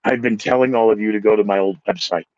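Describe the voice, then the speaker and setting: A man's voice: fairly low pitch, quick pace, no room sound. A man hosting his podcast in a casual monologue, a former radio DJ with a sore throat, self-mocking and acting out the people he quotes. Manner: animated, acts out quoted coworkers, self-mocking. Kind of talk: casual monologue with news headlines. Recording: dull lo-fi, dry close sound.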